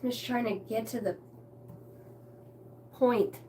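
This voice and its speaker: High-pitched lady vlogging from her basement, lots of laughs and f-bombs, rambly stories. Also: steady tone, mellow, a little hiss or hum. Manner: laughing, profane, storytelling with quick asides. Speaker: spiritual reader and vlogger. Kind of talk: rambling casual monologue to camera. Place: basement room lit by a ring light.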